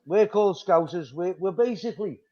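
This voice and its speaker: A man's voice: sits high, brisk, dark tone. A middle-aged man with a Liverpool accent, hosting a live chat and talking bluntly, with plenty of swearing and repetition. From Liverpool, England. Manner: blunt, sweary, repeats himself. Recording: dull lo-fi stream audio.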